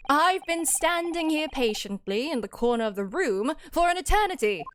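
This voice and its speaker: A woman voicing an eccentric gentleman detective, reading game dialogue with grand, pompous, old-fashioned phrasing. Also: sits high, lively intonation, moderate pace.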